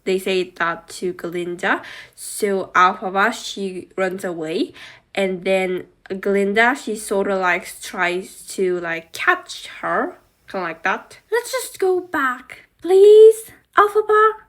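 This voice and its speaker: A woman's voice: medium pitch, takes it slowly, a bit bright. A woman casually narrating a toy play-through, rambling with many fillers and restarts. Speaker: toy reviewer.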